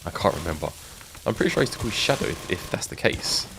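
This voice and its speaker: A man's voice: low-pitched, big pitch swings, fast, vocal fry, noisy background. A middle-aged man with an English accent, chatting casually with his live-stream audience while he plays a game, reminiscing and laughing often.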